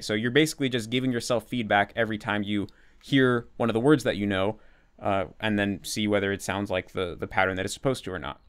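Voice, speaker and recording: A man's voice: on the low side, fairly bright tone, clean tone. A man hosting a casual Q&A, explaining at length with many restarts and repeated words, and acting out his own thoughts as quoted asides. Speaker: language-learning channel host.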